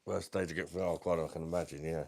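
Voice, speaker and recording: A man's voice: sits low, steady tone, fast, vocal fry, darkish tone. A man with a London accent, casually chatting on a livestream at home, reading out viewer comments and calling everyone mate. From South East London. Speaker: livestream host.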